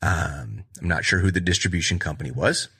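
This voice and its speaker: A man with a husky, bright-edged voice tells movie stories in a loose, rambling style. He keeps checking in with "right?" and slips into acted-out quotes from the scenes. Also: low voice, fairly quick. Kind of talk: casual movie chat.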